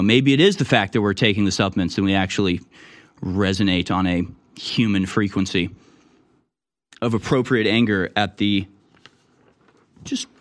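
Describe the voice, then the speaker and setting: Sarcastic male talk-show host. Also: fairly low pitch. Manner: sarcastic, builds to heated ranting. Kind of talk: casual talk-show monologue.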